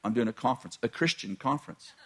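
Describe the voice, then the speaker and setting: A man's voice: mid-range voice, animated, fast. A middle-aged man, a pastor, telling a personal story in a sermon, chatty and laughing at his own jokes, often breaking off mid-sentence.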